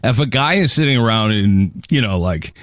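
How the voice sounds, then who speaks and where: A man's voice: on the low side, animated, normal speed, fairly bright tone, no echo, studio quality. A man co-hosting a casual podcast, blunt and laughing a lot, swearing casually. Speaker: podcast co-host.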